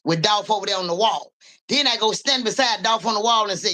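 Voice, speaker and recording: Sharp-voiced woman reader talking street slang. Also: medium pitch, brisk. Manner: profane street slang, keeps asking "you hear me"; calls out viewers by name. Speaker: livestream psychic reader. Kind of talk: casual livestream talk.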